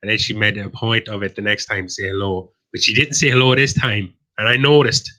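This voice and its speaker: A man's voice: on the low side, fairly even intonation, a little fast, bright, forceful tone. An Irish man co-hosting a live stream, rambling and teasing in casual, profane banter. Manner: teasing, rambling, swears often. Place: live online stream panel.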